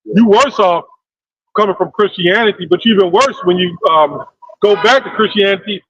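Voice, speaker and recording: A man leading a casual religious discussion, telling stories in an animated, profane way. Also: high voice, normal speed, no room sound, highs cut off. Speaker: discussion leader.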